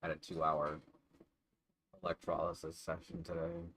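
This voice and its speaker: A man's voice: rumbling low, monotone, normal speed, a bit bright. A man chatting casually in a vlog at home, digressive and profane, with self-deprecating asides. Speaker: vlogger. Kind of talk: casual rambling vlog chat.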